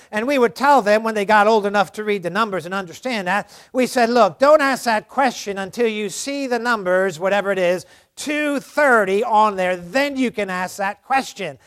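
A man's voice: high-pitched, normal speed, a bit bright. A middle-aged man, a pastor, preaching a sermon in an earnest way and asking his listeners questions.

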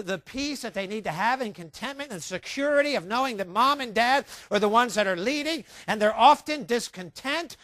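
A male Bible teacher delivers a sermon-style lesson, pressing each point and repeating the key phrases. His voice sits high for a man. The sound is dry and close. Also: a bit bright, no room sound.

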